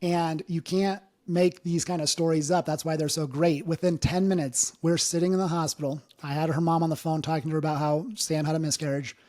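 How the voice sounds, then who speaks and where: A man's voice: fairly high pitch, fairly even intonation, a little fast, hardly any pauses, mellow. A man in his thirties telling his own life story in an interview, earnest and emotional, with many fillers. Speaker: interview guest, business owner. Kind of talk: candid personal storytelling.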